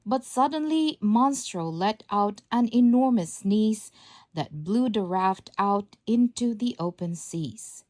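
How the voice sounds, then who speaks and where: A woman narrating a children's storybook aloud in a measured, expressive reading. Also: mid-range voice, no echo. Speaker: storybook reader.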